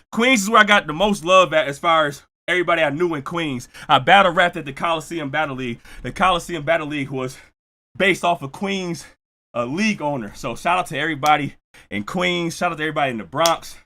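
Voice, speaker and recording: Male streamer, from Buffalo, New York; high, sharp voice, loud and excitable, shouting out to viewers. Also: a little fast. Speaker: streamer reacting to music. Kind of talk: live-stream reaction chat.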